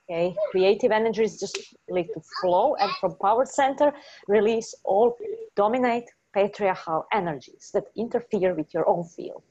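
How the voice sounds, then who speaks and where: A woman's voice: mid-range voice, moderate pace, a little mellow, highs cut off. A woman leading a guided healing session as an energy healer, repeating short commands in a chant-like way.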